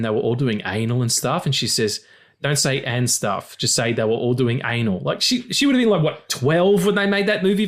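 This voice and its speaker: A man co-hosting a film podcast in casual chat, animated, swearing often and laughing loudly. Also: medium pitch. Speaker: podcast co-host.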